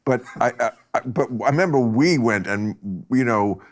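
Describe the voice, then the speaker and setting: A man's voice: medium pitch, normal speed. Blunt, wry older man chatting. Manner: blunt, wry, laughs often. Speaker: podcast host. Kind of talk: casual chat.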